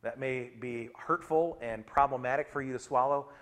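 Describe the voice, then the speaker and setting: A middle-aged man, a pastor, preaching a sermon in a conversational way, mixing personal stories with scripture and shifting his loudness often. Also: medium pitch, moderate pace.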